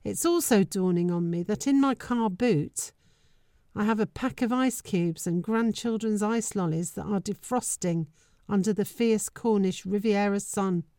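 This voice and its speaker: A woman's voice: mid-range voice, unhurried, mellow, no room sound. An older woman narrates a scripted podcast story, her humour wry and self-mocking. Her voice sits in a middle register. The recording is close and dry. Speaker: podcast host.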